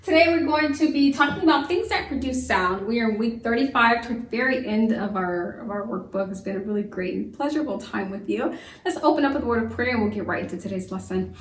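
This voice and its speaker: A woman teaching a science lesson to young children, lively and full of questions that she answers herself. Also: on the high side, fast, far from the mic. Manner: lively, asks the class questions and answers them. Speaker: homeschool teacher. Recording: echoey room, voice from away from the mic.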